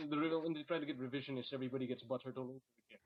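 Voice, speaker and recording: A man from the Philippines talks in a loose, halting way, padding his thoughts with ums and likes. His voice sits at an ordinary pitch. The sound is dull and lo-fi, like an online call. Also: noisy background. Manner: hesitant, many ums and likes. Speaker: guest. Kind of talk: casual chat.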